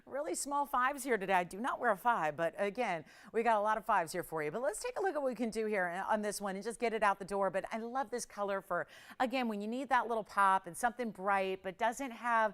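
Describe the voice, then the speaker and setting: A woman's voice: medium pitch, fairly bright tone, smooth. A middle-aged woman hosting a live jewelry sales show, chatty and upbeat with bursts of laughter. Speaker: shopping channel host.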